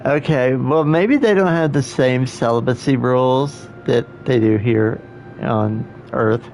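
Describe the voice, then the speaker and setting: A man's voice: mid-range voice, a little slow, darkish tone, slight background noise. A man streaming a game, making wry, joking asides in casual commentary.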